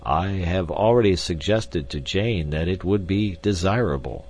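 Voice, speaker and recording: A man's voice: deep voice, measured pace, a little mellow, slight background noise. A man reading an audiobook, voicing a fussy, absent-minded old male professor who clucks "tut, tut". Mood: sad.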